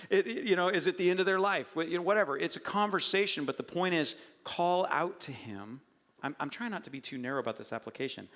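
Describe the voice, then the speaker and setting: A middle-aged man preaching a conversational sermon as a pastor, animated and joking as he tells stories with acted asides. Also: sits high, fast talker. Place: church sanctuary. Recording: church hall reverb.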